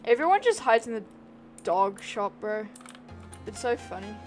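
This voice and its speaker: A woman streaming a video game, chatting casually, teasing and yelling at other players. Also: medium pitch, very animated, moderate pace, soft background music, rough recording. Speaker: livestreamer. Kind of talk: casual gaming livestream chat.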